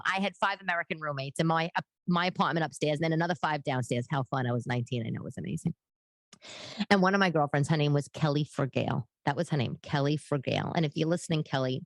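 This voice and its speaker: A woman hosts a casual show, rambling from one tangent to the next. Her voice sits low in pitch. It is recorded dry and close, with no room sound. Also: dry recording. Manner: chatty, rambling with tangents and quick voiced asides. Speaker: podcast host and comedian. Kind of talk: casual chat.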